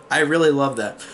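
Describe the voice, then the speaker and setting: A man's voice: fairly high pitch, bright, forceful tone, slight background noise. A man giving a casual, rambling spoiler review of a horror film, swearing freely and filling his talk with "like" and restarts. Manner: rambling, profane, full of "like" and restarts. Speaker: movie reviewer.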